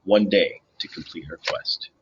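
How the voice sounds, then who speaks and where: A man reading a novel aloud in an expressive, storytelling manner. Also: low voice, unhurried, breathy edge, muffled recording. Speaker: audiobook reader.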